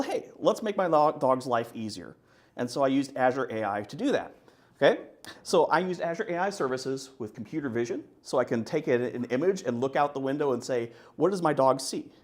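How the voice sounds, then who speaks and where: A man presenting at a tech conference in a playful, animated way. His voice sits at an ordinary middle pitch and is picked up by a presenter's microphone. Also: a little fast. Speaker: conference speaker. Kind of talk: conference talk.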